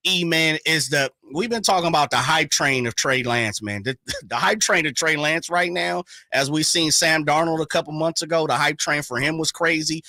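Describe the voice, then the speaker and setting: A male sports radio host from the Sacramento area, chatting in a hyped, slangy way with quick bursts. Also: on the high side, pushed and bright, no room sound, studio quality. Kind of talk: casual sports talk radio.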